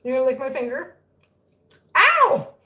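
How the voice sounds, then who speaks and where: A woman's voice: on the high side, normal speed. A woman hosting a casual livestream from home, cooing baby talk to her cats between chatty updates to viewers. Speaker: cat rescue livestream host. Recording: echoey room, far from mic.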